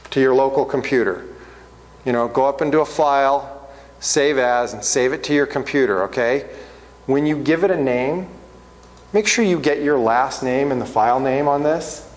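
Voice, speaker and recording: Casual male instructor in a reverberant classroom. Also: mid-range voice. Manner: casual, checks in often with "okay?". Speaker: accounting instructor. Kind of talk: classroom walkthrough.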